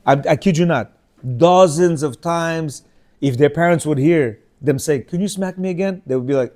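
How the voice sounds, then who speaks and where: In a fairly high voice at normal speed, a man in his fifties runs an informal religious class. His lively storytelling includes acted-out dialogue in varied voices, along with rhetorical questions for those listening.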